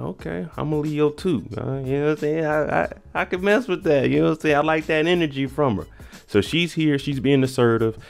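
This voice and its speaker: Man, lowish voice, laid-back slangy commentary, dating tips, faint music underneath. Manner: relaxed, chatty, slangy, advice to "fellas". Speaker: reality show reaction host. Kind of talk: casual commentary and dating advice.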